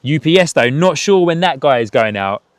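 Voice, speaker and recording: A man's voice: on the high side, animated, moderate pace, clean tone, no echo. Chatty man hosting a live stream. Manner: chatty, laughs often, reads chat aloud. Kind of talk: casual live commentary. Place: outdoors at an airport.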